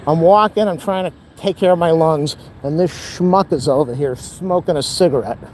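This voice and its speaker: His voice sounds a little high and slightly mellow, at normal speed, as the vlogger strolls outdoors chatting to his handheld camera in a wry, blunt, meandering way. The audio is poor, with slight background noise.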